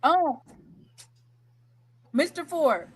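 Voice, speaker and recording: A woman on a podcast asking questions in a casual, unhurried way. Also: high voice, sing-song.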